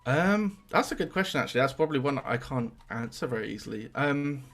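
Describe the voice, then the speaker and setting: A man's voice: medium pitch, animated, fairly quick, a bit bright. A young man, chatting casually as a guest on a streaming podcast and swearing now and then.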